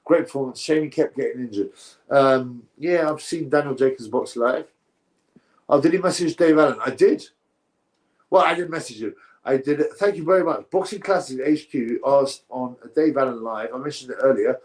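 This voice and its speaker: A man hosting a live boxing stream, speaking in a plain mid-pitched voice. He rambles through viewer comments with strong opinions, stumbling and restarting his sentences as he goes. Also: moderate pace. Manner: rambling, opinionated, frequent self-corrections.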